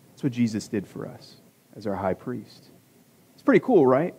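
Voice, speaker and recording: A man's voice: mid-range voice, sing-song, normal speed, dark tone, breathy edge. A man in his forties preaching a conversational sermon as a pastor, with self-deprecating jokes and rhetorical questions to the congregation. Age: 40s. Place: church sanctuary.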